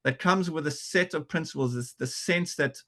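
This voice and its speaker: A South African man appears as a podcast guest, telling a story in an earnest yet restless manner packed with restarts and repeated words. His voice sits on the high side and sounds a bit bright, and he talks at a normal speed.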